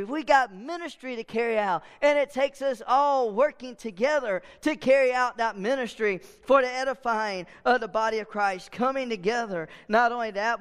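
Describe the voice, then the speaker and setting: A man's voice: very high voice, a bit bright, clear, resonant tone, long reverb tail. A man preaching a sermon as pastor, often asking the congregation questions and answering them himself. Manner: preaching with call-and-response questions.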